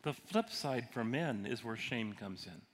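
A man's voice: medium pitch, expressive, measured pace. A man who is a pastor and counselor, teaching a sermon in a conversational way and asking his audience questions. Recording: long hall reverb, faint noise.

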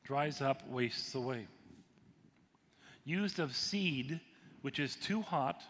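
A man's voice: mid-range voice, expressive, takes it slowly, fairly bright tone. A man who is a pastor and counselor, teaching a sermon in a conversational way and asking his audience questions. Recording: long hall reverb, faint noise.

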